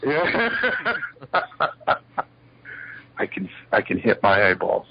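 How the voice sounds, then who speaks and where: A lower-pitched older man with a husky, breathy edge spins stories about his past and acts out the lines of the people in them. The recording is a little muffled and lo-fi. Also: takes it slowly. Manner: animated storyteller acting out quoted dialogue. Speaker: interview guest. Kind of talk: shoot interview storytelling. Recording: slightly muffled lo-fi interview audio.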